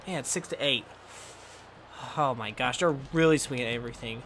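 A young man playing a baseball video game and calling the action play by play, breaking into shouts and laughter on big hits. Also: medium pitch, moderate pace, slight background noise. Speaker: gameplay commentator.

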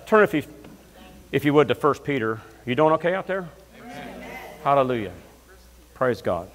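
A man preaching as a guest minister, telling comic stories and breaking into loud shouts of praise. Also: mid-range voice, sing-song, normal speed. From Alabama, US South. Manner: storytelling with bursts of shouting praise. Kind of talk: lively comedic sermon. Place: church sanctuary. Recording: long church hall reverb.

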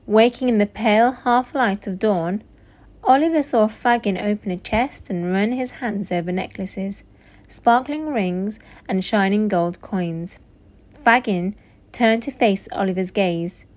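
A woman teacher reading a children's storybook aloud with slow, expressive narration. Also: mid-range voice.

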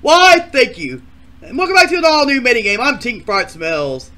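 A man voicing a sarcastic male game show host with deadpan asides. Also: very high voice, normal speed, full character voice. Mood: wry.

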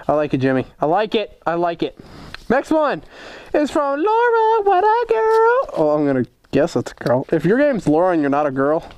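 A young man with a fairly high voice talks loosely and excitedly to his viewers. He swears freely, jokes around, and reacts loudly as he goes through his fan mail. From United States. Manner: excitable, swears a lot, jokey. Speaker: motorcycle vlogger opening fan mail. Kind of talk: casual vlog chat.

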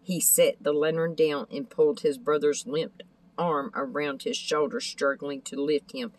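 A woman's voice: low-pitched, fairly even intonation, a little slow, a little mellow, rough recording. Woman reading a storybook aloud. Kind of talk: scripted narration of a children's book.

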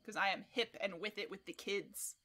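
A woman's voice: medium pitch, normal speed, pushed and bright, a little hiss or hum. A young woman chatting casually while streaming a game, swearing and laughing often as she talks to her chat. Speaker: livestreamer. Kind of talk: casual gameplay commentary.

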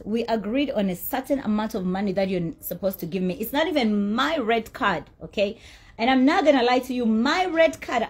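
Husky, blunt woman. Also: medium pitch, a little mellow. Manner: blunt, profane, indignant. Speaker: socialite telling her side. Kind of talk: heated storytelling rant.

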